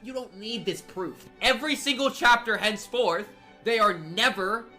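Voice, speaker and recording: A man's voice: sits high, moderate pace, bright, forceful tone, soft background music. Man ranting in a meme video. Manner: exasperated, ranting. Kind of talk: meme fan-video commentary.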